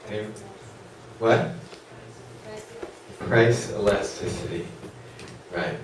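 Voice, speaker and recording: A man's voice: lowish voice, extremely slow, background noise. A man giving a classroom economics lecture, rambling and putting questions to the class, with many fillers. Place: lecture hall. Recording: echoey lecture hall from far off.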